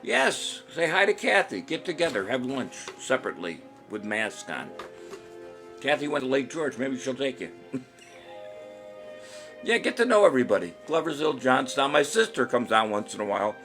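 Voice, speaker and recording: A man's voice: mid-range voice, big pitch swings, normal speed, over music. A man hosting a casual trivia live stream, joking and chuckling while he reads out viewers' answers. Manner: jokey, rambling, chuckles often, reads commenters' answers aloud. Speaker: trivia show host.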